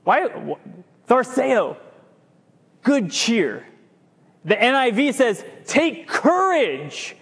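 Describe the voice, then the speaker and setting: A man preaching a sermon as pastor, animated, drawing out key words and sometimes stumbling over himself. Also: very high-pitched, drawn-out words, pauses often, slightly rough. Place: church sanctuary. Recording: long hall reverb.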